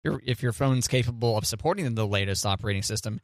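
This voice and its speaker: A man's voice: mid-range voice, fast talker, no echo. A man co-hosting a podcast in casual chat, teasing with dry humor and explaining things patiently. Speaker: podcast co-host.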